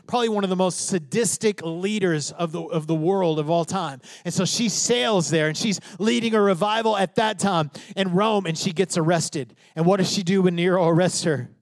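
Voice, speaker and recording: Man, pastor, sermon, high voice, dry sound, emphatic, loud-to-hushed swings. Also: moderate pace, hardly any pauses, no echo.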